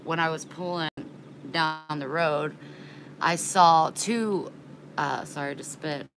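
Low bright-voiced woman ranting in a casual vlog, folksy and blunt, slight background noise. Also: rough recording. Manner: rambling, worked up and indignant; folksy, frank, swears casually. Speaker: vlogger.

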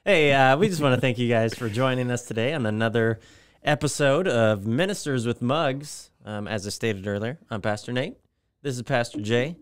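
Man with a smooth, clear voice. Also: medium pitch, moderate pace, no room sound. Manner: relaxed, joking, hesitant with fillers. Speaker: pastor and podcast co-host. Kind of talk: casual podcast chat.

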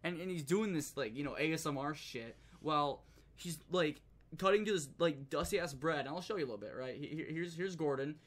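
A man's voice: on the high side, a little fast. A man streaming, ranting casually with lots of swearing and laughter. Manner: profane, animated, laughs often.

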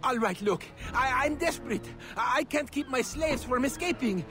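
Anxious game townsman, stammering, pleading, very high pitch, faint game music. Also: animated, moderate pace. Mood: desperate.

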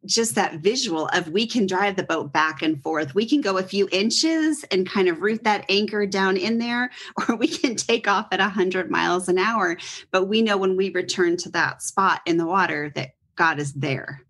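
A woman's voice: medium pitch, normal speed, a bit bright, husky. A woman on a conversational faith podcast, affirming what she hears and quoting scripture.

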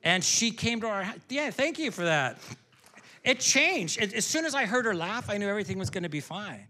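A man emcees a live comedy night from the stage, with a bit of magic mixed in. His voice sits slightly high and rings bright and forceful. He talks in a chatty, joking way, working the crowd between bits. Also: very animated, fairly quick. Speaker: comedy show host and magician. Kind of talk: stand-up comedy storytelling.

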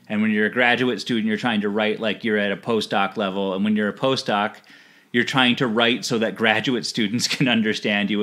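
Low-voiced halting man. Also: sharp tone. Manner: halting, repeats words while thinking. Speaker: podcast co-host. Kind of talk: casual chat.

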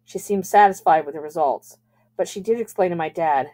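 Brief: female teacher narrating a novel, calm, measured, lower pitch. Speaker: teacher reading aloud. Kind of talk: reading a novel aloud.

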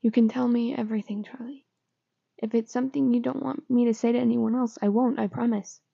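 A woman voicing a gentle, caring teenage boy who coaxes softly in whispers, in a whispered role-play. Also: on the high side, steady tone, fairly quick, vocal fry, breathy edge, dry recording, dull audio, exaggerated voice. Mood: reassuring. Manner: soft, coaxing, whispering.

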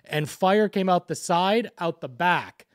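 A man's voice: high voice, slow, no echo, studio quality. A man co-hosting a podcast, telling a story in casual chat and swearing freely. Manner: animated storyteller, swears a lot. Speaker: podcast co-host.

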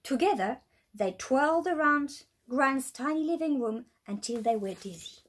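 Lively woman reading a children's story. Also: sits high, moderate pace. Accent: British English. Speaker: teacher reading a story aloud.

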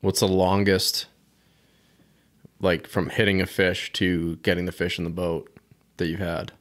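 A man's voice: low-pitched, little pitch movement, measured pace, fairly bright tone. A man from the northeastern United States hosting a casual fishing podcast, easygoing and curious and swearing casually. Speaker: podcast host.

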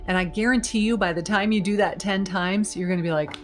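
Woman, 50s, marketing coach, motivational talk to camera, energetic, emphatic, faint background music. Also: mid-range voice, fairly quick.

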